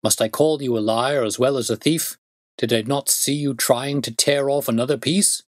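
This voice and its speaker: A man voicing an outraged middle-aged banker father who shouts accusations at his son. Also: mid-range voice, fairly even intonation, normal speed, no echo, clean studio sound, voice pushed up, lightly acted. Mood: accusing.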